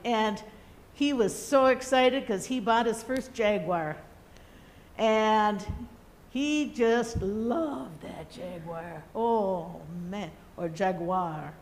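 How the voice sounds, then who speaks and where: A woman preacher delivers a sermon at an unhurried pace. She tells a story in a gentle, reflective manner, with a voice pitched a little high.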